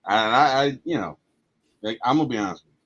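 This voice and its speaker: A husky-voiced man talks about movies with lots of feeling. His pitch swings widely as he gets caught up in the story. The recording sounds muffled and lo-fi. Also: fast talker. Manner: animated, emotional storytelling. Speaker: podcast co-host. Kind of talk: casual movie discussion.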